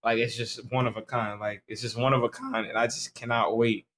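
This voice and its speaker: A man's voice: mid-range voice, little pitch movement, fairly quick, a bit bright, a little hiss or hum. A tipsy young man from Staten Island, co-hosting a podcast in loose, rambling casual chat full of slang and swearing. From Staten Island, New York. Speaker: podcast co-host.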